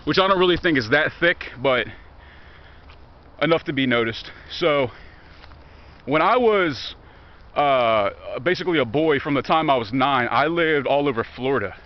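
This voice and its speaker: In a muffled recording, a young man with a Virginia country accent talks at normal speed in an expressive mid-range voice. He's a vlogger rambling on a walk through woods near a highway, cracking profane, sarcastic jokes.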